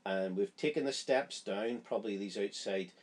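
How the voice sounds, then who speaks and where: A man with a somewhat low, husky voice leads a Bible study. He explains the chapter section by section in an earnest, conversational way. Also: moderate pace. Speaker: Bible teacher.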